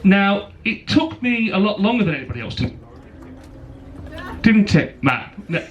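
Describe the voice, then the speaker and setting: A man's voice: high-pitched, sing-song, normal speed, highs cut off. A young man giving a teasing best man speech into a handheld microphone at a wedding reception, joking and laughing between lines. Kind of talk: wedding speech with a rhyming poem. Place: wedding reception venue with guests. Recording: wedding video with crowd noise. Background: crowd of guests laughing.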